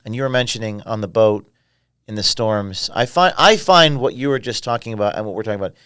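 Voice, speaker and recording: A man in his thirties, a guest on a conversational podcast, telling stories in animated bursts with sudden rises in emphasis. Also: on the low side, brisk, clear, resonant tone, dry recording, studio quality. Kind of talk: casual interview conversation.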